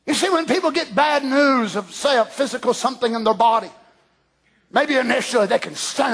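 A man preaching a sermon in a fiery, emphatic way, often raising his voice to a shout. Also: very high-pitched, fairly quick.

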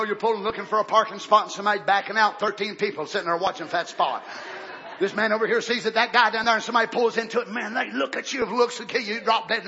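A preacher delivers a sermon in a church, his very high, bright voice swinging widely in pitch and climbing into shouted peaks. He mixes folksy asides with fiery outbursts. The recording is dull and lo-fi, with a faint congregation behind him.

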